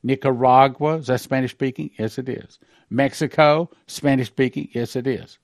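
A man pastor reading out a dream account and commenting on it in a sermon, slowing on key phrases and breaking into quick asides. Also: mid-range voice, steady tone, no room sound, studio quality. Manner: reads slowly, then comments in a quick aside.

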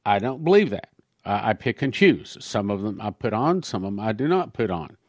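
A man's voice: fairly low pitch, sing-song, a little fast, darkish tone, no echo, studio quality. A man, a pastor, giving a conversational sermon-style talk on prophecy, reading quotations aloud between his own remarks.

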